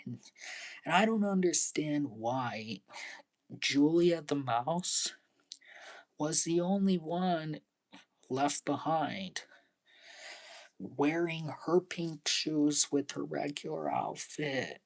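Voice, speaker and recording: A young man talking in a casual vlog monologue, halting and repeating his words, earnest and pleading, often dropping into breathy half-whispers. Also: a little high. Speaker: vlogger.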